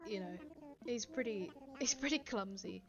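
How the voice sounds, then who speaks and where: Chatty woman streamer at her desk mic, giggly and relaxed, audio slightly muffled. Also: mid-range voice, normal speed, over music. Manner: chatty, giggly, reads chat aloud. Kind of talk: casual live-stream chat. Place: home, indoors. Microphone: desk microphone.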